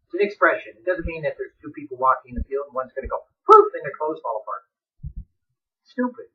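Man, high voice, fiery preacher, dramatic swings from shouting to hushed, dull lo-fi radio sound. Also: very animated, fast, far from the mic. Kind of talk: fiery sermon.

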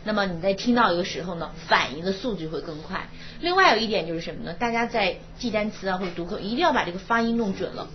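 A woman teaching a university English class, explaining in Mandarin and slowly reading English lines aloud. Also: mid-range voice, animated. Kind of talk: classroom lecture. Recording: dull old classroom recording with faint hiss.

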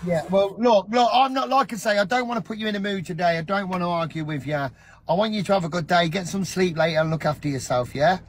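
A man's voice: high voice, quick pace, slightly rough. A man on a livestream, earnestly lecturing and pleading with someone in a repetitive, emphatic way.

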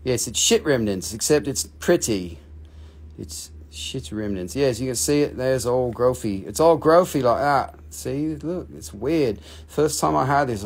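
A man hosts a live online rock and mineral sale from his shop, talking in a loose, rambling way. He jokes with viewers and swears freely, at an ordinary male pitch. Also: gravelly, slightly rough. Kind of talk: casual live-stream selling chat.

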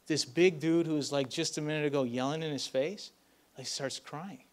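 A man's voice: on the high side, normal speed. Casual young-sounding male preacher, chatty. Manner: casual, filler-heavy with lots of "like" and "right?". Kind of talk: storytelling sermon. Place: church event hall.

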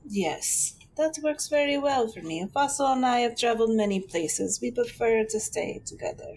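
A woman playing a tabletop game, speaking in character in a gentle, earnest way. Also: fairly high pitch, sing-song, moderate pace, a little hiss or hum, poor audio. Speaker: player. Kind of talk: in-character tabletop role-play.

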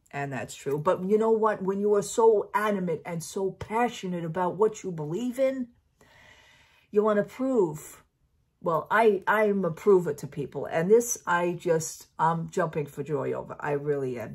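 A middle-aged woman vlogs in a fairly low, slightly mellow, husky voice. Her casual chat is opinionated and chatty, full of fillers and restarts.

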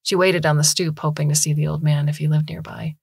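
A woman narrating a short story in a measured, even way. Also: sits low, creaky, slightly rough, no echo. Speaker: story reader. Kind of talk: scripted narration.

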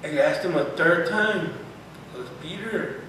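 A man preaching a sermon with fervor, at times breaking into shouts and dropping in Spanish words. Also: on the high side, lively intonation, normal speed, a little hiss or hum. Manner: fervent, rising to shouts, mixes in Spanish words. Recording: echoey room, voice far from the mic.

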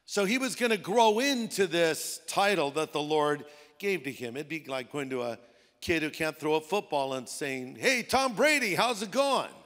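Male pastor, high voice, casual storytelling sermon in a reverberant auditorium. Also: normal speed, fairly bright tone. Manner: conversational preaching with playful put-on voices. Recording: long hall reverb.

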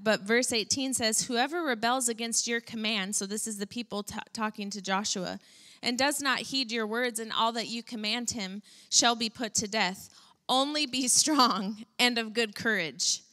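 Preaching to a congregation with plenty of energy, a woman now and then slips into a high, whiny voice to act out complaints.

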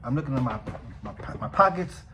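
A man vlogging casually, telling a story in a profane, animated way. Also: fairly high pitch, fairly quick, heavy background noise.

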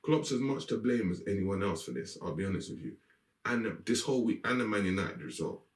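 A man's voice: lowish voice, expressive, a little fast, roomy sound, far from the mic. A man giving a blunt, exasperated post-match rant about his team, swearing as he goes. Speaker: football fan reacting to a match. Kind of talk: ranting post-match reaction. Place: room with green screen.

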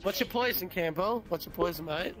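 Aussie guy in his 40s having a few drinks, swearing a lot, voice a bit high, music playing. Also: brisk. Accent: Australian. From Australia. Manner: boisterous, crude, heavy swearing. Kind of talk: casual chat in a virtual-reality hangout.

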